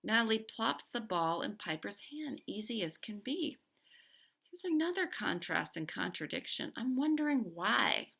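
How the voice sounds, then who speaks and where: A woman's voice: fairly low pitch, creaky, a bit bright. A woman teacher reading a novel aloud with expression, stopping now and then to comment on the story.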